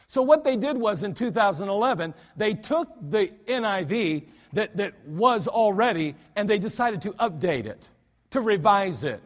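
Brief: male pastor, emphatic sermon delivery with restarts, high-pitched, in a reverberant church. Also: expressive, normal speed. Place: church sanctuary.

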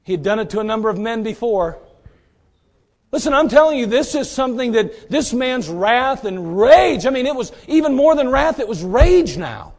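A man delivering a sermon in a dramatic way, swinging between loud bursts and hushed asides. His voice sits high and moves with lively, wide swings of pitch. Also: normal speed. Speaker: preacher.

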